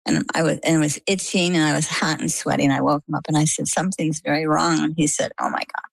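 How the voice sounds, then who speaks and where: A woman's voice: sits low, fairly even intonation, fast, vocal fry, husky, no room sound. An older woman from coastal Maine, guest in an interview, chatty and vivid as she retells events with quoted dialogue. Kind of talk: conversational storytelling.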